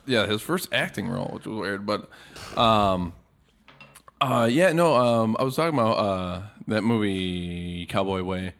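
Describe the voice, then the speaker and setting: A man's voice: on the low side, expressive, a little slow, a bit bright. A man co-hosting a comedy podcast, rambling through stories with lots of fillers and teasing his co-host. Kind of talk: comedic casual banter.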